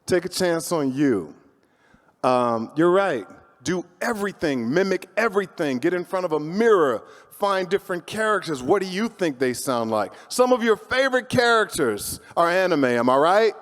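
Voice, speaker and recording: A man telling stories on a convention panel as a voice actor, animated and motivational, joking as he gives advice. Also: high voice, normal speed. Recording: roomy hall reverb.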